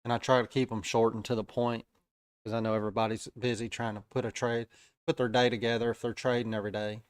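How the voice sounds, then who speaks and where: Easygoing Southern-accented male stream host, mid-pitched, smooth and dry, casual market chatter. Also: little pitch movement, quick pace, no echo. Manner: easygoing, chatty, frequent "uh" fillers. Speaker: day-trading live-stream host.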